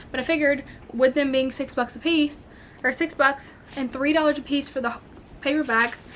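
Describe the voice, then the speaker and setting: Woman vlogger, gushing and excitable, voice on the high side, loose and chatty with fillers. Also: a little hiss or hum. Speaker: book vlogger. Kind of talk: casual chat.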